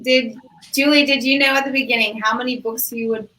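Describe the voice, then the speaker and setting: A woman's voice: on the high side, fairly even intonation, bright, forceful tone, slight background noise, low-quality recording. A woman co-hosting a podcast, reading listener questions and chatting casually. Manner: brisk, reads questions aloud. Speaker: podcast co-host.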